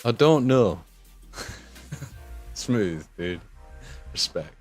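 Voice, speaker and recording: Speaking extremely slowly in an expressive, medium-pitched voice, an English man with a Midlands accent hosts a laid-back livestream as he paints miniatures. Soft music plays underneath while he chats, swears and laughs over the chat.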